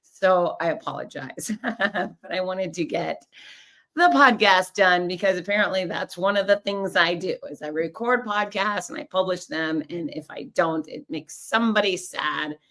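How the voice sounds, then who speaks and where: A hoarse woman with a husky, raspy voice hosting her podcast in a bubbly, rambling chat, laughing often. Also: on the low side, normal speed, fairly bright tone. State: hoarse after race announcing. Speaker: podcast host and race announcer. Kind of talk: casual chatty monologue.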